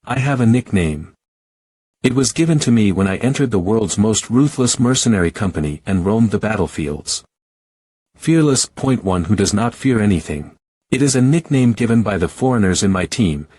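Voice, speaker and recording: A man giving a first-person story recap narration in a steady, even reading. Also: on the low side, normal speed, slightly rough, no room sound.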